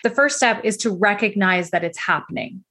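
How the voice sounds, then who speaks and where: Candid, energetic woman coach. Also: medium pitch, normal speed. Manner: candid, energetic, frequent fillers. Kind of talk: motivational talk.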